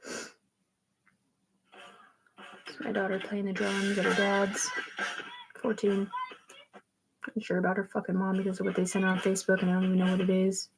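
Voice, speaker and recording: A woman's voice: mid-range voice, completely flat delivery, brisk, vocal fry, long pauses, a little hiss or hum, poor audio. A middle-aged woman rambling through family photos in a profane, meandering monologue. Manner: rambling and profane, jumping between topics.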